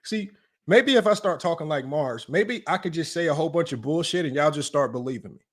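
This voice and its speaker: A man's voice: fairly high pitch, animated, fairly quick. A man hosting a livestreamed sports debate, emphatic and repetitive, often tagging his points with a question. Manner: emphatic, repetitive, keeps asking "right?". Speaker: sports debate show host.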